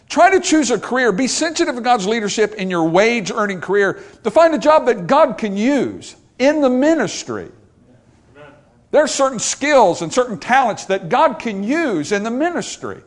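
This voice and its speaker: An older man preaching a sermon as pastor, emphatic and repetitive, driving points home with rhetorical questions. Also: extremely high pitch.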